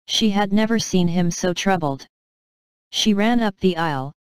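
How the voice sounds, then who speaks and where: Smooth-voiced woman narrating a devotional tale. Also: on the low side, a little mellow, no room sound, poor audio. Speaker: audiobook narrator. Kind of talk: scripted storybook narration.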